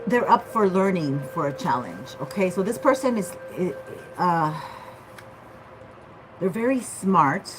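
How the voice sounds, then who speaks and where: A woman's voice: fairly low pitch, animated, takes it slowly, long pauses, over music, poor audio. A woman giving a casual tarot reading, chatty and loose, often checking in with "okay?". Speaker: tarot reader.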